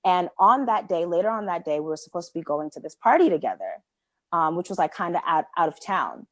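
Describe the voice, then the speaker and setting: Lively low-voiced woman podcast host. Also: a little fast, no echo. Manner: animated, many "like" fillers, acts out quoted dialogue. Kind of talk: casual storytelling chat.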